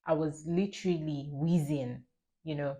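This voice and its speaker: A young woman, chatting through a get-ready-with-me video in an animated, storytelling way with frequent laughs. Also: low voice, unhurried. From Nigeria. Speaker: lifestyle vlogger. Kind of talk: casual get-ready-with-me chat.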